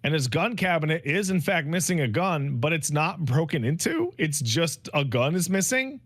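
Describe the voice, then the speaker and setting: With a voice on the high side and a normal pace, this co-host of a casual podcast swears freely while recounting a game. He acts out bits of dialogue in mock voices as he tells the story, with no room sound in the recording.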